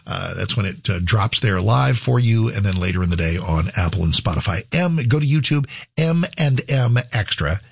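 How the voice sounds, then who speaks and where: Middle-aged male talk host, rambling and casual; low, husky voice with a dry close sound. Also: lively intonation, normal speed, no echo. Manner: rambling, with many restarts and asides. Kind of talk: casual talk-show monologue.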